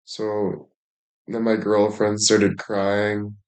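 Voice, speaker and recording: A man's voice: lowish voice, monotone, very slow, a little mellow. A man chatting casually as a streamer, rambling along with heavy swearing and plenty of filler words. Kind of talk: casual chat.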